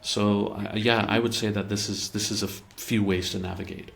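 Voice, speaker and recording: A man's voice: lowish voice, fairly even intonation, a little fast, gravelly. A man explaining relationship communication in a conversational way, often stumbling over repeated words and acting out example dialogue. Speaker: therapy practice head explaining relationships.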